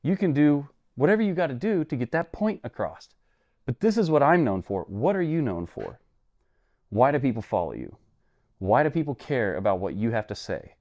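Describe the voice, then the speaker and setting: A man's voice: mid-range voice, big pitch swings, normal speed, a little mellow. A man giving a casual, motivational business lesson to camera, talking conversationally and throwing in rhetorical questions and "okay?" checks. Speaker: online business coach.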